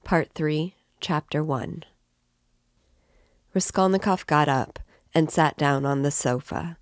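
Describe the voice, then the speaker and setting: A woman reading a classic novel aloud in measured, steady narration. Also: low-pitched, no echo, studio quality. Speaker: reader and guide.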